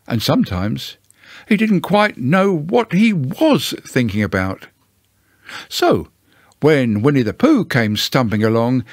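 A man reading a children's storybook aloud in a gentle, unhurried storytelling manner. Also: medium pitch, no room sound, studio quality. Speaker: narrator.

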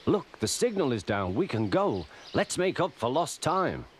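A man voicing a kind, forgiving railway guard who speaks gently and reassuringly. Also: medium pitch, sing-song, unhurried, noisy background, pitched above the performer's own voice. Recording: loud music underneath.

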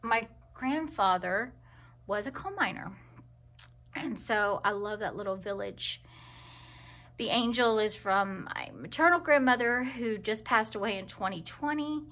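A woman giving a casual tour of her home in a vlog, talking gently with many ums and pauses. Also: on the high side, expressive. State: emotional. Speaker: vlogger. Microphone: handheld camera walked around.

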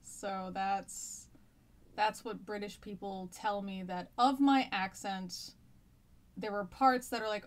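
A woman's voice: medium pitch, normal speed. A woman, a history teacher chatting casually during a live-streamed lesson, rambling with many fillers and restarts.

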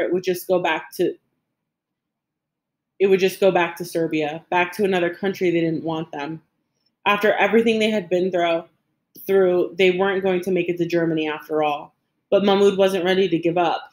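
A woman reading a novel aloud with steady, even narration and the occasional stumble and restart. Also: lowish voice. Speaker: audiobook reader.

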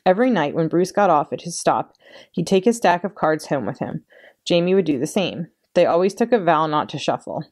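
A woman librarian reading a children's chapter book aloud in an expressive storytelling way. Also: fairly low pitch, a little fast. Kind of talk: read-aloud storytime narration.

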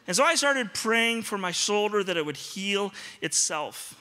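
A man's voice: high-pitched, animated, a little slow, few pauses, sharp tone. A man, a pastor, giving a sermon, telling self-deprecating stories with humor and acting out dialogue. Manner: self-deprecating, comic storytelling with acted-out dialogue. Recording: long reverb of a large hall.

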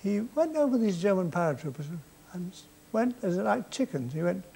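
An older man telling war stories on stage in a dry, deadpan manner. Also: high voice, normal speed, creaky, slightly rough. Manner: dry, deadpan anecdotal delivery. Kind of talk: live stage storytelling. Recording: faint noise, 1990s VHS tape.

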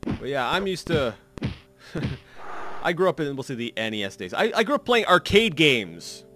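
A man in his thirties talks his way through a game session in a rambling, self-mocking way, stumbling over his words. His voice is bright and swings up and down a lot. Soft music plays faintly underneath. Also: on the high side, big pitch swings, moderate pace. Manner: rambling, self-mocking, frequent restarts and fillers. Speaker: let's play commentator. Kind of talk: gameplay commentary.

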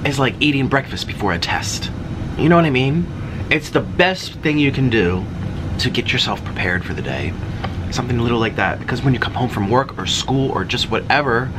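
A man's voice: mid-range voice, noisy background. A man talking casually to camera in an eating vlog, chatty and getting worked up as he talks. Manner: animated, chatty, heated about an online dispute. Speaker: mukbang vlogger.

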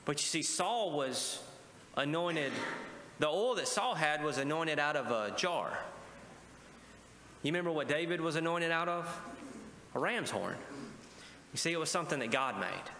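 Pastor, male, higher pitch, preaching to a congregation with faint room noise. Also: animated, normal speed, long pauses, pushed and bright. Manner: preaching with call-and-response asides. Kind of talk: sermon. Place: church sanctuary. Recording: echoey church hall with faint ambience.

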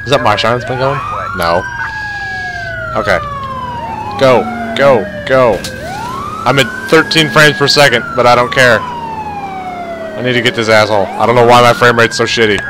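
A young man giving let's play commentary, tired but excitable, swearing often over loud game audio. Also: mid-range voice, normal speed, long pauses. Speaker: gamer. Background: loud game sirens and traffic.

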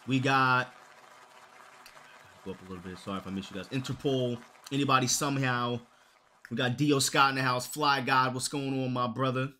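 A young man chatting on a live stream, his voice bright and forceful at a middle pitch. He talks loosely and jokes, with plenty of swearing. Now and then he bursts into loud, high-pitched outbursts. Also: fairly even intonation, moderate pace. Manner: profane, loose and joking. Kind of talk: casual live-stream chat.

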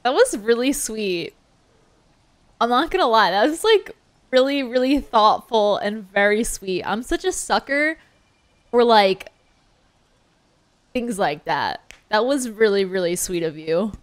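A young adult woman chats live on her stream while gaming, her voice a touch high. She giggles often and gushes, swearing casually as she talks. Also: animated, measured pace, long pauses, no echo. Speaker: livestreamer.

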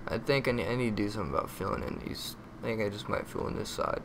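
Over some background noise, a man quickly mutters his way through a game, easily frustrated and prone to yelps, curses, and crude humor. His voice is on the low side with vocal fry.

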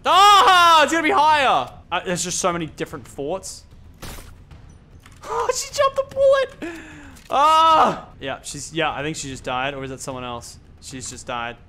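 A young man giving excited gameplay commentary, laughing and chatting to opponents. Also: high-pitched, a little slow. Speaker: gaming YouTuber.

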